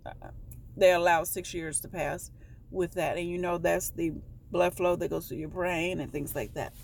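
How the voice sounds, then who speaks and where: A woman vlogger telling a personal story in a casual, rambling way, often halting to correct herself. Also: lowish voice, fairly even intonation, vocal fry, a little mellow, a little hiss or hum.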